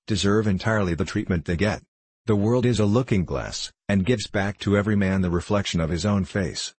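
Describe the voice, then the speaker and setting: A man narrating a classic novel as an audiobook in a measured, even reading. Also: deep voice, husky, no echo.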